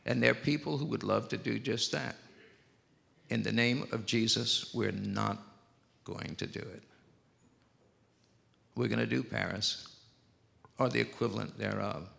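An older man from Mississippi, preaching a sermon in slow, heartfelt storytelling. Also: medium pitch, steady tone, vocal fry, fairly bright tone. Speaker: pastor. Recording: reverberant church sanctuary.

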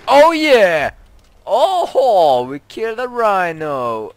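Young male gamer, slow and wildly up and down, shrieky when scared, light hiss behind. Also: sits high. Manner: excitable, yelps and shrieks when startled. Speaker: gaming YouTuber. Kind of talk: let's play commentary.

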